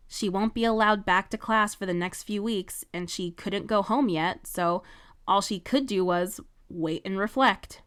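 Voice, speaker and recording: A woman narrating her own fan-written story in a measured, even storytelling voice. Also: medium pitch, clean tone. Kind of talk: fan fiction read-aloud narration.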